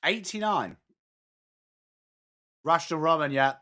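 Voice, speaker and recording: A man's voice: on the high side, lively intonation, unhurried, a bit bright. A young English man hosting a live football watchalong, calling the play while chatting with viewers. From England. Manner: chatty, mixes play calls with replies to chat. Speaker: watchalong host. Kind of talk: live sports watchalong chat.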